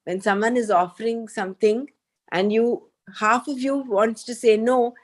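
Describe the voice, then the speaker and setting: Measured woman reading scripture. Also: on the high side, steady tone. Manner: measured, thoughtful, with hesitant fillers when speaking freely. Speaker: study group leader reading the text. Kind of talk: reading aloud and explaining.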